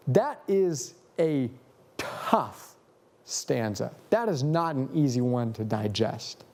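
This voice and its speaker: A male pastor telling a story in a sermon, with dramatic pauses and a storytelling manner. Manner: slow, dramatic pauses, lively pitch.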